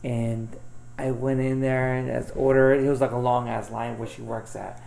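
A man with a gravelly, creaky voice talks at an ordinary middle pitch. He rambles through a personal story in loose, profane casual chat, with lots of filler words. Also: little pitch movement, moderate pace, darkish tone. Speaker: podcast guest.

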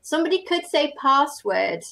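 A woman's voice: sits high, sing-song, normal speed, gravelly, a bit bright. A woman from England teaching English pronunciation over a video call, patiently modeling words to repeat. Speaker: English tutor. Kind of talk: online pronunciation tutoring.

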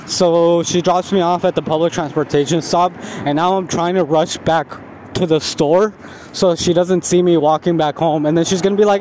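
A man's voice: fairly high pitch, fairly quick, a little mellow, slight background noise. A young man telling a rambling, profane story about himself in a casual vlog, laughing at himself.

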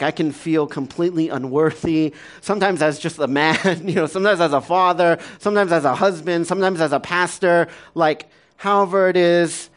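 A man in his thirties preaching a conversational sermon as a pastor, casual and full of fillers, often laughing, moving between soft, quiet stretches and lively ones. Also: fairly high pitch.

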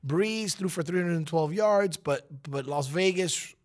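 A man with a raspy voice hosting a morning radio show, rambling and joking with his co-hosts. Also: a little slow. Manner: jokey, rambling, sometimes drops to a low corporate voice. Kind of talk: casual morning show banter.

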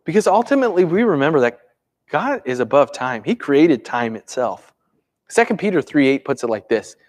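Animated preacher with a lifted voice. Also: male voice, fairly high pitch, normal speed. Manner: animated, swings from urgent to hushed and calm. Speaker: pastor. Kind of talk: conversational sermon.

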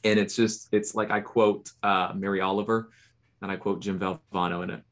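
A fairly low-voiced man, earnest and a bit halting, talking over his poems in a casual podcast. He restarts his sentences often as he feels his way. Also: little pitch movement, a bit bright. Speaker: poet and podcast co-host.

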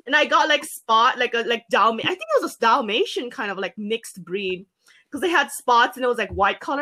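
Speaking briskly, a young woman from an island recounts a story during a casual chat, animated and filler-heavy, and she jumps into high voices for quotes.

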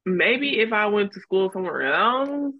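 A woman's voice: mid-range voice, expressive, unhurried, no echo. Young woman on a tinny, dry line. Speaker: podcast co-host. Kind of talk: casual chat. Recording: dry, phone-like lo-fi sound.

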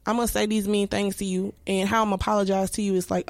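A woman's voice: medium pitch, level tone, very fast, darkish tone, no echo. A woman in her thirties speaking candidly and reflectively as a podcast guest, full of restarts and filler words. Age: 30s.

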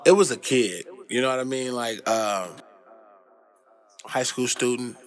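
A man's voice: mid-range voice, a little slow. Profane, slangy male commentator. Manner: loose, profane, animated rants with slang. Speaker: host. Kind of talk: casual commentary monologue.

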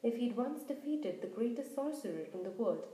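A woman's voice: on the high side, normal speed. Woman reading a storybook aloud. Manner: expressive, animated reading. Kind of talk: storybook narration. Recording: roomy echo.

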